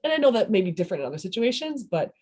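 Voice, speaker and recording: Husky rambling Midwestern mother. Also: mid-range voice, very animated, racing, a little mellow. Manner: rambling, self-interrupting, laughs often. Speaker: interviewee, parent. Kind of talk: casual oral history interview.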